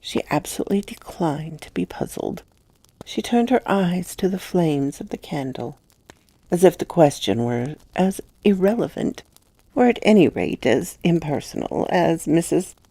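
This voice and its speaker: A woman narrating a classic ghost story in a measured, expressive reading with hushed passages. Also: lowish voice, creaky, husky, no room sound.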